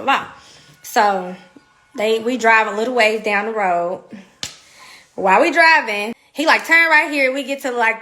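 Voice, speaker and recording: A woman in her thirties telling a story in a casual, animated and profane way, laughing often. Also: on the high side. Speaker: podcast guest.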